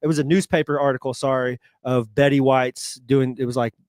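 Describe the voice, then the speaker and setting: A man co-hosting a podcast, chatting casually in a relaxed, rambling way. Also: mid-range voice, fairly quick, dry recording, studio quality. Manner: relaxed, rambling, hesitant restarts. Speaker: podcast co-host. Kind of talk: casual chat.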